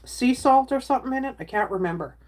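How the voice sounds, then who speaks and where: A woman's voice: high voice, expressive, fast talker, a little mellow. Middle-aged woman, casual livestream chat, rambling and chatty, webcam sound. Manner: rambling, chatty, reads out viewer comments. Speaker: livestream host chatting with viewers.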